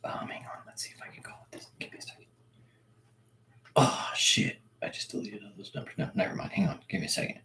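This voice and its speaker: A man's voice: fast, bright, forceful tone, whispered. A man hosting a livestream, chatting loosely and swearing, often laughing to himself. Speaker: livestream host. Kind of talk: casual livestream chat.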